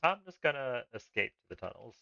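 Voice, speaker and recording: A man's voice: mid-range voice, sing-song, fairly quick, vocal fry, bright, forceful tone, no room sound, lo-fi sound. A man streaming a text adventure live, reading the game's text aloud and making rambling, laughing asides.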